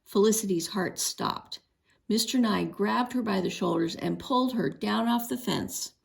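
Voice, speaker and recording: A woman reading a children's book chapter aloud, expressive, with a few small slips. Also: medium pitch, a little slow, creaky. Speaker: read-aloud narrator. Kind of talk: storybook read-aloud.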